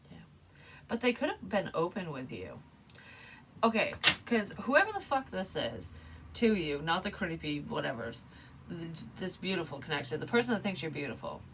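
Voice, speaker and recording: A middle-aged woman with a low voice gives a casual, rambling tarot reading. She talks frankly and swears freely. Faint background noise sits under her voice. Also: very animated, normal speed, distant mic, rough recording. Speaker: psychic tarot reader.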